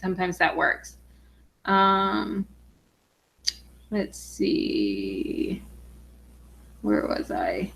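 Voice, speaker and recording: A young adult woman hosting a casual livestream, bubbly and excitable, with lots of "um" fillers. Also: on the low side, very slow, vocal fry, long pauses, slight background noise.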